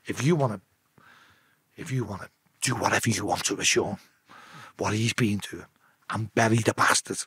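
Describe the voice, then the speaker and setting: This Liverpool-accented man tells stories as a guest in a casual podcast interview, speaking at a normal speed with long pauses and a breathy edge. He curses freely and performs the quoted voices with sharp pitch swings. The recording has no echo.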